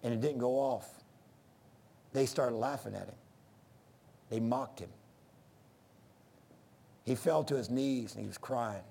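A man's voice: mid-range voice, a little slow, creaky, long pauses, dark tone. A middle-aged man preaching a sermon in an earnest, folksy way that rises to emphatic bursts.

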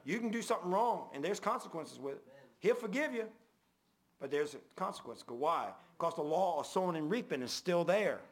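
Male preacher, gravelly and a bit high-pitched, folksy sermon delivery with loud peaks and hushed drops. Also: animated, a little fast. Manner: folksy preaching, rising loud then dropping low and quiet.

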